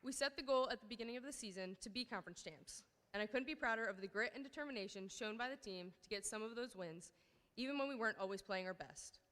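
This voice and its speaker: A woman's voice: a little high, fast, a bit bright, slight background noise. A woman in her thirties, a girls' team coach, giving an emotional awards ceremony speech with nervous ums and many thanks. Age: 30s. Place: large hall at a school ceremony. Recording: hall reverb from a PA speech.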